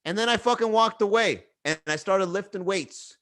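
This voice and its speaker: A man's voice: high voice, moderate pace, fairly bright tone. A young man hosting a comedy livestream podcast, talking loosely in a swearing, bro-talk storytelling way. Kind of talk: casual livestream chat. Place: Miami.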